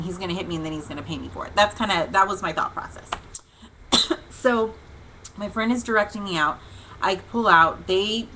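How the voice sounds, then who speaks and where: A woman's voice: on the low side, pushed and bright, a little hiss or hum, poor audio. A woman hosting a casual devotional vlog, telling a long story in a chatty, rambling way with many fillers and restarts. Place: home livestream. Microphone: webcam or computer mic.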